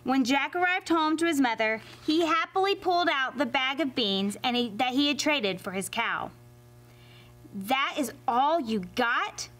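A woman reading a fairy tale aloud to children as a library storyteller, expressive and animated. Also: sits high, moderate pace, few pauses. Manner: expressive and animated, addressing kids.

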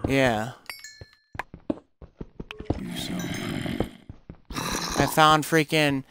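A man chatting loosely through a game session at a middle pitch, trailing off mid-sentence to hunt for words and yelping when danger hits. The recording is noisy, with a steady hiss and mouse clicks behind him. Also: extremely slow, pauses often. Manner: rambling, searches for words, exclaims in panic. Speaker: gameplay streamer. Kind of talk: casual gameplay commentary.

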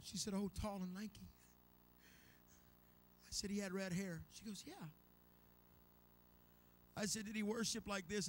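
A man's voice: high-pitched, slight background noise. A man preaching a revival sermon in a church, telling stories dramatically and acting out the voices. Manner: dramatic, acts out voices, builds to shouting. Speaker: guest preacher.

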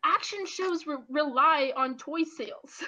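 A woman in her twenties giving casual, animated opinion commentary with lots of ums and restarts. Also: high-pitched, measured pace. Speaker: YouTube commentator. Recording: lo-fi dull audio.

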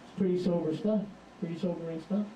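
A man preaching a sermon in an emphatic, animated storytelling manner, recorded from a distance in a hall. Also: high voice, fast talker, slight background noise.

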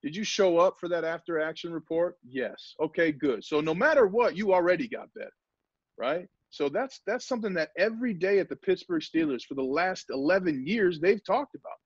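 A former pro football player speaking energetically and emphatically in a motivational talk over a video call. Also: male voice, sits high, fairly quick, husky, no room sound. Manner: energetic, emphatic, acts out quotes. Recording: dull lo-fi video call audio.

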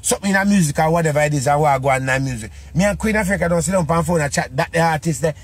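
A man's voice: fairly high pitch, very fast, breathy edge, no room sound. A man with a Jamaican Patois accent giving a casual monologue, full of repeated rhetorical questions.

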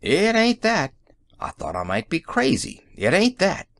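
A man reading the part of a shaken middle-aged police sergeant in an audiobook, with a hoarse, blunt way of talking. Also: on the high side, huge pitch swings, a little slow, a bit bright, voice pushed up, heavily acted. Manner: blunt, plain street talk.

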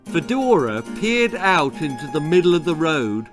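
A man reading his own darkly comic children's story aloud, theatrical and lively, voicing every character himself. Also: a little high, moderate pace, over music.

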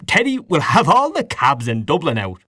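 A man reading a story aloud, voicing a hearty, stout, jovial middle-aged gentleman. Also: a little high, huge pitch swings, normal speed, no echo, studio quality, voice pushed up, heavily acted.

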